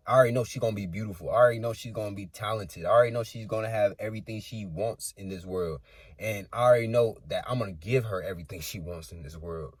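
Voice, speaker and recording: A man's voice: lowish voice, breathy edge, no echo. A young man talking in a rambling, earnest monologue about faith and family, repeating himself and swearing freely. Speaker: channel creator. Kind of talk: casual spiritual monologue.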